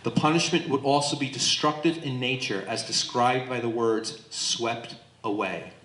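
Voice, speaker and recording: A man leading a Bible study as pastor, teaching in an animated way and acting out the voices in the text to his group. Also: mid-range voice, normal speed, a little hiss or hum. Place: church hall with a small group. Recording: echoey room.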